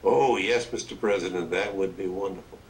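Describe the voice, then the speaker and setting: A man's voice: sits low, fairly quick, far from the mic, slight background noise, lightly acted. A man imitating a deferential Southern governor, eager to agree. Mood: meek.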